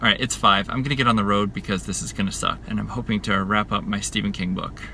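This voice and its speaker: A man's voice: lowish voice, steady tone, fast, bright, forceful tone, a little hiss or hum. A man recording a candid video diary from his parked car, talking in a rambling, self-reflective, conversational way. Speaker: vlogger.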